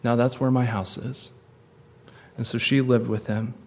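A man preaching a sermon, earnest, slowing and softening for tender points and rising to emphatic peaks. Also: mid-range voice, flat delivery. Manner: drops soft and slow for tender points. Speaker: pastor.

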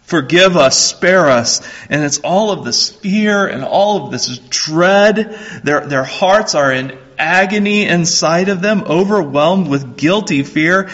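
A man preaching a sermon as a pastor, slow and earnest, repeating his phrases. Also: sits high, a bit bright, dull audio.

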